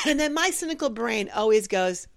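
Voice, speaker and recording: Animated, bright-voiced woman co-host. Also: a little high, moderate pace, creaky. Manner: animated storyteller, jumps into character voices. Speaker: radio show co-host. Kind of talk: casual comedic chat.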